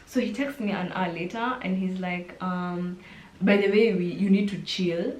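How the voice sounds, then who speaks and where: A young Kenyan woman with a Kenyan accent, telling a casual storytime vlog and acting out the quotes with lively switches into Swahili slang. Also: fairly low pitch, moderate pace. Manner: animated, mixes in Swahili and slang, acts out quotes. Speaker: vlogger. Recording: roomy echo.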